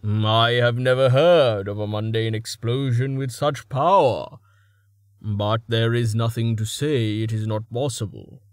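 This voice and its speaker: A man voicing a calm, controlled male character who speaks firmly in an audiobook. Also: mid-range voice, measured pace, no room sound, studio quality, natural voice. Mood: patient. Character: calm male traveller with restrained anger.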